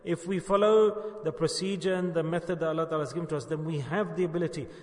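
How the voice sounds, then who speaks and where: A man's voice: on the high side, fast talker. Man preaching in an echoey hall. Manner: earnest, storytelling, asks rhetorical questions. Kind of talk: sermon. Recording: echoey hall with long reverb.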